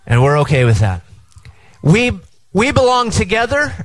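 A man's voice: high voice, huge pitch swings, normal speed, low-quality recording. A middle-aged man preaching a sermon as pastor, engaging the crowd with call-and-response at an outdoor tent service.

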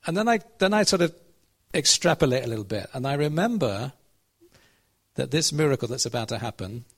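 A man gives a sermon in a relaxed, conversational way, retelling a Bible story and pausing to check in with his listeners. His pitch sits at an ordinary middle level. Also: husky. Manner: conversational, asks the audience questions. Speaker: preacher.

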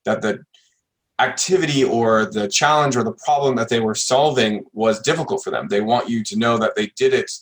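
Guy hosting a podcast, mid-pitched, earnest advice, keeps saying right?. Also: normal speed. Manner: earnest, advice-giving, often tags "right?". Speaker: podcast host. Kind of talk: casual podcast chat.

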